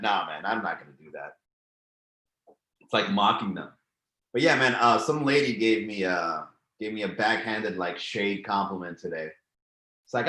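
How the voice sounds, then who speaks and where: A man's voice: fairly low pitch, normal speed, pauses often, pushed and bright, echoey room. A man hosting a live comedy stream, chatting loosely and profanely as he reads and riffs on viewer comments. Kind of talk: casual live-stream chat reading comments.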